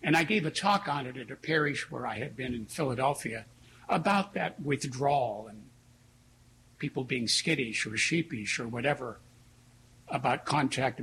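A man preaching a sermon as a priest, telling stories in an earnest, reflective way with slow pauses. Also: medium pitch, fairly bright tone, slight background noise, poor audio.

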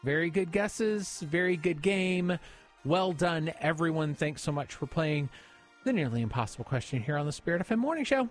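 A man hosting a morning radio call-in game, upbeat and brisk, with quick friendly sign-offs. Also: on the high side, animated, soft background music.

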